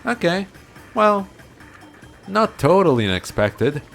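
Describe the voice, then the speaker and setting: An animated man gives casual commentary on a game he is playing. His pitch jumps around a lot as he jokes and laughs. Quiet game music plays underneath. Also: slow pace, gravelly. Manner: animated, joking, laughs often. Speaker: let's play host.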